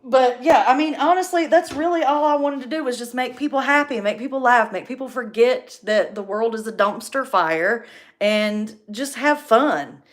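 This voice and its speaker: A woman, chatting casually and animatedly on a livestream, quick to laugh. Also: fairly high pitch. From North Carolina.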